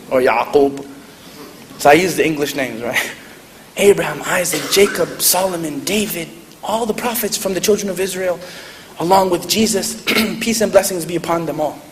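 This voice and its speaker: A man's voice: a little high, normal speed, pauses often. A man giving an earnest sermon-style talk to a live audience, telling stories and laughing at himself. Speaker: convert speaker. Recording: echoey hall, faint noise.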